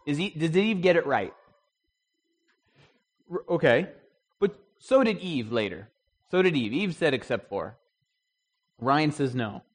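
A man's voice: fairly high pitch, big pitch swings, unhurried, pauses often. Man leading a casual Bible study. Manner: conversational, poses questions to the group, frequent restarts. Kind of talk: interactive Bible study teaching.

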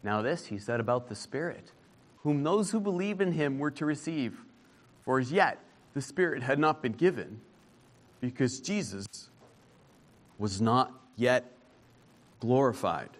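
A man preaching a sermon, slow and emphatic, rising into fervent declarations as he builds each point. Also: medium pitch, animated.

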